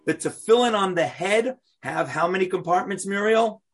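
A man leads a Torah lesson, putting questions to his students and telling a story in an animated, expressive way. His voice is fairly high for a man and has a husky, slightly breathy texture. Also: normal speed. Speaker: Torah teacher.

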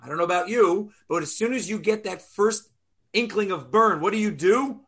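A man teaching a Torah lesson, animated, asking rhetorical questions and sounding out Hebrew letters aloud. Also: sits high, moderate pace, husky.

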